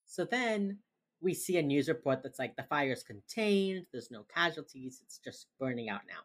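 Retelling a TV episode on a podcast she co-hosts, a woman chats casually at a moderate pace. Her very low voice carries a relaxed storytelling feel, and she fills her speech with "like."

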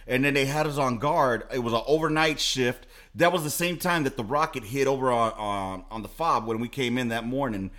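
A man's voice: mid-range voice, a little fast, hardly any pauses, a bit bright. A man from Los Angeles, co-hosting a podcast, telling crude stories and laughing. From Los Angeles, California. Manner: profane, laughing, swaggering storyteller. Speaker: podcast co-host. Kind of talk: crude casual chat, storytelling.

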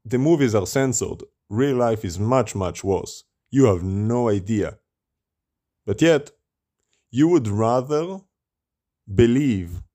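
A man's voice: lowish voice, warm tone. A man preaching as a rabbi, with rhetorical questions and a scornful tone. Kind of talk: sermon.

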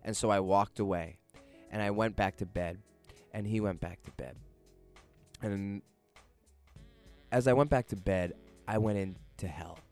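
A young man casually telling a personal story out loud, animated, swearing freely and laughing as he goes. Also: lowish voice, a little slow, pauses often, soft background music.

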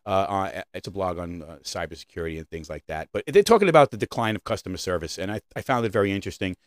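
A man's voice: sits low, quick pace, dry recording. A man hosting a podcast, talking in a casual rant and checking in with "right?" again and again, swearing now and then. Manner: animated, keeps asking "right?". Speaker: podcast host.

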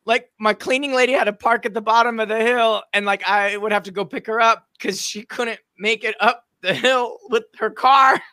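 A middle-aged woman telling a funny story in casual chat, animated and rising to shouts at the big moments. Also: fairly high pitch, moderate pace, hardly any pauses, no echo, clean studio sound. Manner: animated, builds to shouting peaks at the punchlines.

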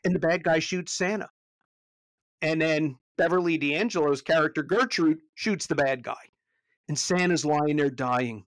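A pastor chatting casually on a podcast about a movie, animated, often restarting and repeating words as he goes. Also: measured pace, dry recording. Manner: animated, jumps high when retelling scenes.

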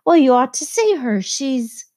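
A woman voicing a charming, gushing young society woman with airy, high exclamations. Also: very animated, a little slow, warm tone, full character voice.

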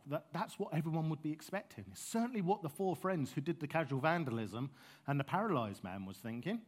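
A man's voice: a little high, animated, a little fast. Passionate conversational male preacher. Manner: passionate, conversational, self-aware asides. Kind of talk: sermon.

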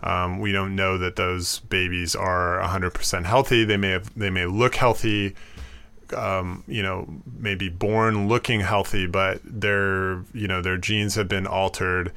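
Guy explaining stuff, low flat voice, pauses and restarts a lot, bright crisp tone. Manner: thoughtful, halting, many fillers and restarts. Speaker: explainer, commentator. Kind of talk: explanatory commentary.

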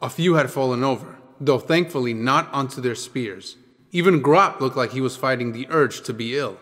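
A man reading an audiobook in a measured, descriptive storytelling manner. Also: medium pitch, fairly bright tone. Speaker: audiobook narrator. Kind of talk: scripted audiobook narration. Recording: long reverb with background music.

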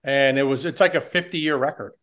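A man's voice: mid-range voice, a little fast, fairly bright tone. A man who is a baseball assistant coach, talking casually as a podcast guest and telling stories with many restarts. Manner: rambling with restarts and storytelling.

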